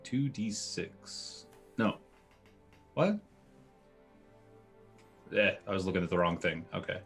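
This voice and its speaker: A man playing a tabletop game, relaxed and checking his dice rolls aloud. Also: low-pitched, slow pace, slightly rough, soft background music. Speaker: player. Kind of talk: casual tabletop play.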